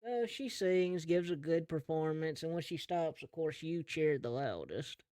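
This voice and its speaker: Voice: mid-range voice, expressive, measured pace, dark tone, dry recording, clean studio sound. A game master narrating a western tabletop game in an easygoing, chatty way. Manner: easygoing storytelling with laughs.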